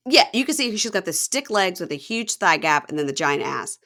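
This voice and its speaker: A woman hosts a casual podcast, breaking down reality TV episodes in a chatty, gossipy way. Her voice sits a little low for a woman. She slips into other people's voices when she quotes them. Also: big pitch swings, a little fast, bright, forceful tone. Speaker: podcast host. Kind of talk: casual reality TV recap chat.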